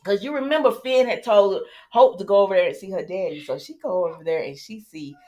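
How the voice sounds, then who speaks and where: A woman's voice: mid-range voice, brisk, warm tone. A young woman, casually recapping a soap opera and talking straight to her viewers with opinions.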